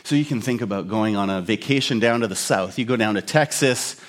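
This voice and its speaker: A man's voice: on the low side, brisk. Man preaching a casual sermon. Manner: conversational, explanatory, with humorous asides. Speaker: pastor.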